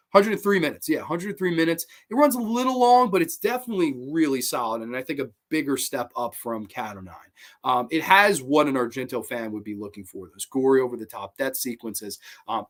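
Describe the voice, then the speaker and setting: Profane, rambling man reviewing films. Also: a little high. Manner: rambling, profane, animated, lots of fillers. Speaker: podcast host. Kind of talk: casual film review.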